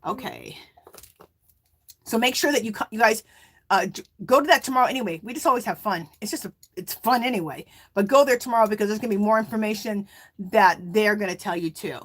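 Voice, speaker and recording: A woman's voice: medium pitch, a little fast. Chatty woman hosting a live stream. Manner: chatty, reads viewer comments aloud; warm and emotional, near tears. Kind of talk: casual live stream chat.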